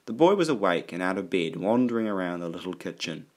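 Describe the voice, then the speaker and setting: A man reading an audiobook aloud in a steady, even storytelling manner. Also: deep voice, quick pace. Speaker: audiobook narrator. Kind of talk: audiobook narration.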